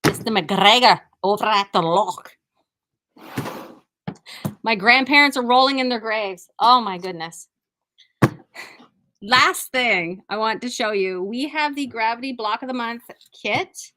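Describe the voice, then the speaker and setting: A woman's voice: a little high, unhurried, sharp tone, a little hiss or hum. A woman hosting a quilt shop video, chatting casually and enthusiastically about products, often restarting her sentences. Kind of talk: casual live product showcase.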